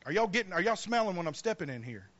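A preacher with a high, ringing voice, preaching emphatically and throwing questions to his congregation. The recording sounds a little muffled and dull. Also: big pitch swings, fast talker, fairly bright tone. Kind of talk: sermon.

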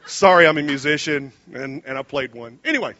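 A man preaching a sermon, animated and folksy, retelling scripture in casual slang. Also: fairly high pitch, fairly quick, dull audio.

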